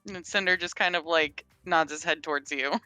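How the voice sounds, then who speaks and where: A woman's voice: sits low, steady tone, fairly quick, pushed and bright, dry recording, faint music behind. A woman casually describing her character's actions in a tabletop role-play game, with many fillers. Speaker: player.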